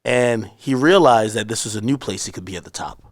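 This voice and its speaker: Male guest, casual interview storyteller, animated, swears a lot. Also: lowish voice, a little fast. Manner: animated storyteller, acts out shouted quotes; profane, slangy.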